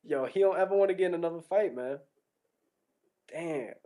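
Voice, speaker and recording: A man telling a childhood story in casual chat, animated and laughing often. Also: a little high, normal speed.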